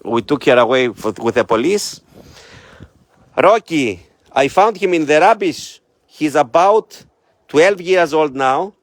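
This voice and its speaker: A middle-aged Greek-accented man who runs an animal shelter speaks slowly and expressively, his voice a little high, with no room sound. In a casual vlog he addresses the camera in simple, slightly broken English and coaxes his dogs by name.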